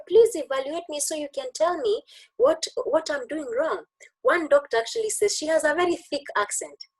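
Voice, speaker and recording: A woman's voice: very high voice, gravelly, poor audio. A woman tutoring doctors in an online exam-review lesson, joking and demonstrating as she teaches, heard through a computer mic on a video call.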